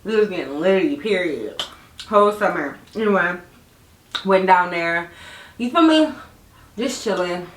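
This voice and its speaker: A young woman hosts a casual podcast storytime, animated and often laughing, her pitch leaping around. She sits at some distance from the mic in an echoey room. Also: measured pace, pauses often, slight background noise. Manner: animated, laughing, swings high and low in pitch. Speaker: podcast host.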